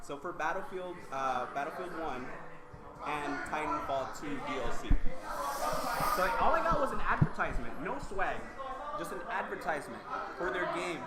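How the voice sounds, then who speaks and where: A man's voice: a little high, very animated, moderate pace, very noisy. A man telling a long frustrated story in casual chat, full of "you know" and "like" fillers. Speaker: commentator.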